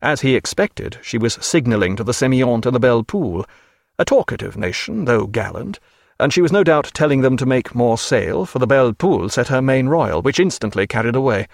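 A man reading an audiobook with steady, vivid storytelling. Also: medium pitch, a little fast, vocal fry, no room sound, studio quality. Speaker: narrator. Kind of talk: audiobook narration.

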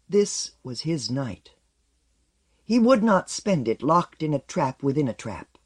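A man narrating an audiobook in a measured, expressive storytelling manner, letting his lines fall away at the ends. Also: mid-range voice.

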